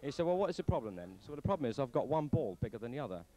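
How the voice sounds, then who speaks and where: A man's voice: mid-range voice, very animated, rapid-fire, dark tone, poor audio. A man hosting a pub joke night, introducing each guest and telling a joke of his own. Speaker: host. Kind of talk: casual pub chat.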